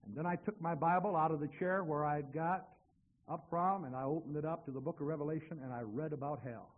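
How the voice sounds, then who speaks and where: Husky preacher man telling a story. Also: fairly high pitch, brisk. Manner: dramatic storyteller, acting out both sides of a conversation. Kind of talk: sermon storytelling. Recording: tinny phone-like sound.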